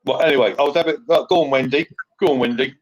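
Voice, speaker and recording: A man's voice: medium pitch, quick pace, no room sound, highs cut off. A man hosting a live online call, arguing combatively, interrupting and repeating himself. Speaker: live stream host. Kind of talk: heated live stream argument.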